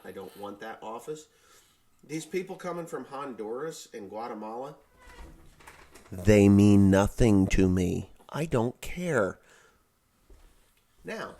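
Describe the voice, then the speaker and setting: Blunt, ranting farmer man. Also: medium pitch. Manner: rambling, restarts sentences. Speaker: farmer and YouTuber. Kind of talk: casual opinion vlog.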